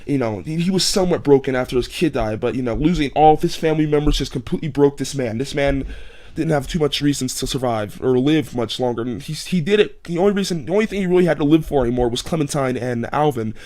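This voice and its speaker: A man's voice: medium pitch, fast. A man giving a casual, rambling game review, full of restarts and fillers and getting emphatic at times. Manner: emphatic, gets loud when excited.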